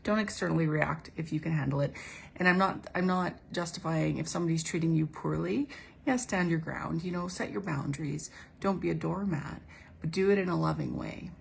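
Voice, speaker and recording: Speaking fairly quickly in a low voice with vocal fry, a woman acting as a spiritual coach delivers an earnest, relaxed pep talk over slight background noise. She often starts over, says things more than once, and plays out quoted inner conversations.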